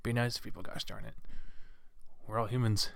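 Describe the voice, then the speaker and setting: A man's voice: on the low side, flat delivery, fairly quick, creaky, dry recording. A young man hosting a solo podcast, ranting with many restarts and fillers. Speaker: podcast host.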